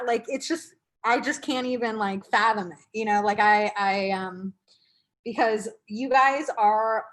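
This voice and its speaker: A young woman sharing her recovery story in a halting, heartfelt way, full of fillers and restarts. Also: on the high side. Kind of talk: casual emotional sharing.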